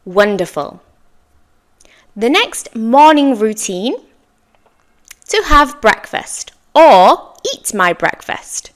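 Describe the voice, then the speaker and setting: A woman teaching an English lesson, saying example sentences slowly and clearly for learners to repeat, with encouraging praise. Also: on the high side, a bit bright. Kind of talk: slow, clear language lesson with repeat-after-me drills.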